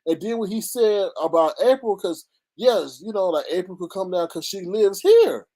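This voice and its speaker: On a livestream, a man does casual gossip commentary, reading the chat aloud. He talks in an animated, dramatic manner, laughing often. His voice is high-pitched and his pace moderate.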